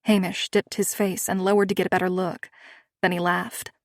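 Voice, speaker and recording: A woman's voice: fairly low pitch, flat delivery, normal speed, no room sound, studio quality. Woman reading a romance audiobook. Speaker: audiobook narrator. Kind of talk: scripted first-person narration.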